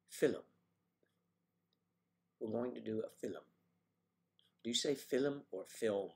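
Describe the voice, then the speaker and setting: Playful American man chatting casually. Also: vocal fry. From United States. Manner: playful, teasing, animated jumps in pitch. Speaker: livestream host. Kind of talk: casual chat reading viewer comments. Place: home.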